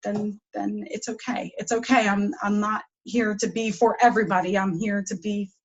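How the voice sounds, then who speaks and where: A woman's voice: medium pitch, flat delivery, moderate pace, lo-fi sound, very noisy. A woman with a New Jersey accent, a guest coach sharing tips in a chatty way full of fillers. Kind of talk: casual talk sharing tips.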